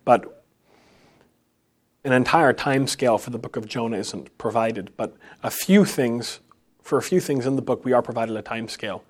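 A man preaching an unscripted sermon, halting often and restarting phrases, then rising for emphasis. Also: mid-range voice.

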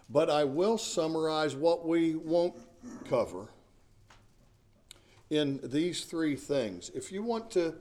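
A man's voice: medium pitch, dark tone. A middle-aged male pastor preaching a sermon in an earnest, emphatic way, often repeating words as he searches for the next phrase.

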